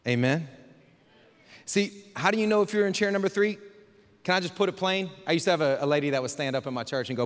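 Pastor preaching in a reverberant church. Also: male voice, on the high side, fast. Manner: conversational preaching with rhetorical questions to the congregation. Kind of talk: sermon. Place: church sanctuary. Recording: hall reverb from a live church service.

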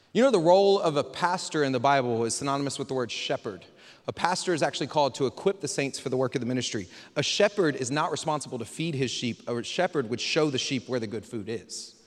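A man's voice: medium pitch, in a large hall. A man preaching a casual, joking sermon as pastor and calling on the crowd for amens. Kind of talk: lively sermon.

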